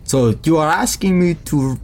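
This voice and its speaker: A man's voice: a little high, normal speed, darkish tone, pitched above the performer's own voice, close to an everyday voice. A man voicing a rotund, mustached male town mayor in a wobbly put-on French accent that drifts toward Russian. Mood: wary.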